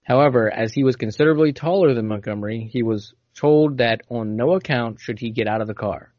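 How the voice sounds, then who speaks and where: A man with a mid-range, darkish voice speaks fairly quickly, with no room sound, on dull, dry lo-fi audio. Hosting a casual podcast, he tells a story and reads passages aloud, now and then stumbling over hard words.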